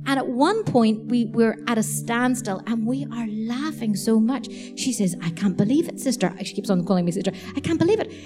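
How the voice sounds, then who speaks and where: A woman preaching a sermon, telling lively stories and laughing as she acts out the people in them. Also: fairly high pitch, normal speed, few pauses, over music. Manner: animated, laughing storyteller. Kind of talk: sermon storytelling.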